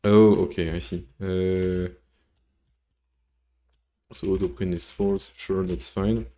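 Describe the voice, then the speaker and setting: This livestreamer codes while thinking aloud in a low, mellow voice, delivered flatly and slowly. French is his first language, and he rambles, swears casually and talks with viewers between steps.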